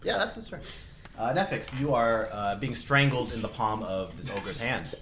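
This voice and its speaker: A man's voice: medium pitch, animated, normal speed, fairly bright tone. A man running a tabletop game as game master, narrating and laughing easily. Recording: roomy with clear noise.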